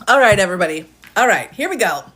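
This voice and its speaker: A woman talking casually on a live stream, breaking into laughter again and again. She apologizes often and keeps a chatty, friendly flow, her pitch sitting in a middle range. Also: very animated, quick pace, a bit bright, husky. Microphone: phone or computer mic.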